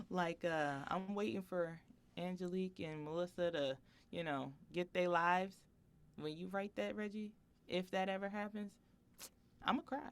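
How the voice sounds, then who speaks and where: A woman in her thirties co-hosting a podcast, telling a personal story in a chatty, animated way with frequent laughter. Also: lowish voice, measured pace, pauses often, smooth. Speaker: podcast co-host. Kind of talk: casual podcast chat.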